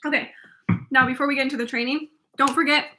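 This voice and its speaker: A young woman in her twenties hosts her own coaching podcast, talking alone in a loose, rambling way. Her voice sits high and sounds bright and sharp. She restarts her sentences often and fills gaps with "like.". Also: steady tone, quick pace, slight background noise. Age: 20s. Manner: rambling, filler-heavy, with many restarts. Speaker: life coach and podcast host. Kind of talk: casual solo podcast monologue.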